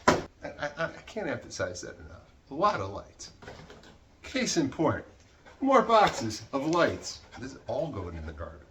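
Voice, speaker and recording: Rambling, swearing man clearing clutter. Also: mid-range voice, huge pitch swings, normal speed, heavy background noise. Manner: rambling, self-mocking, swears when worked up. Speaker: vlogger. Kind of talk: casual rambling vlog while decluttering. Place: cluttered room indoors.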